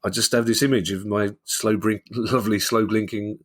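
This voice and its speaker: Joking low-voiced London man. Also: fairly even intonation, moderate pace. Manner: jokey storytelling, laughs often. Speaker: podcast co-host. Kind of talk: casual chat.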